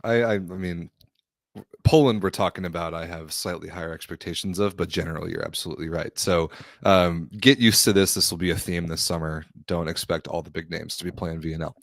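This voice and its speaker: Male podcast co-host, deep voice, dry close sound, opinionated and scoffing. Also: steady tone, fairly quick, gravelly, a bit bright, no echo. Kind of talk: casual sports podcast chat.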